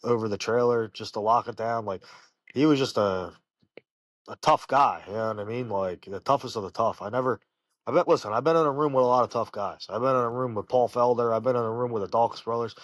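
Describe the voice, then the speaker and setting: A man, a professional fighter, telling personal stories in an interview, halting and full of fillers and restarts. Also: mid-range voice, no echo. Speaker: professional fighter, podcast guest. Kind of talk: casual interview storytelling.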